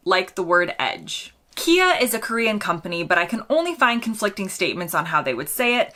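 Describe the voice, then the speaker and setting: Bright, lively woman vlogger. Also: mid-range voice, moderate pace, few pauses, faint music behind. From United States. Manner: playful, chatty, teasing. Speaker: host. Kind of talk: scripted explainer vlog.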